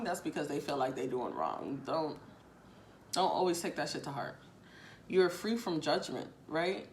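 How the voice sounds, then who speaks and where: Woman, lowish voice, casual tarot reading, chatty, repeats herself, talks right to viewers, light background hiss. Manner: chatty, repeats phrases, casual swearing, addresses viewers directly. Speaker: tarot reader.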